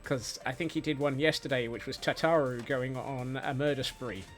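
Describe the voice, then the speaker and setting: A man's voice: medium pitch, fairly even intonation, normal speed. A man chatting casually while streaming a game, rambling and playful, with many fillers and restarts. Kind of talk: casual gameplay chat. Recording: faint music behind.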